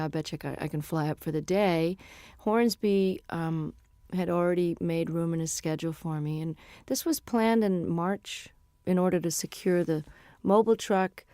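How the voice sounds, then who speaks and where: Middle-aged woman musician, low voice, rambly frank chat, dry close sound. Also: mellow, clear, resonant tone, no echo. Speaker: musician being interviewed. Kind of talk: casual interview chat.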